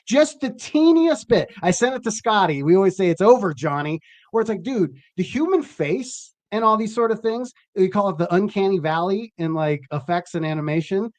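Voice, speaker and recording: A man telling stories in casual chat, animated and acting out the lines of the people he quotes. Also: sits high, normal speed. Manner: animated storyteller, acts out quotes.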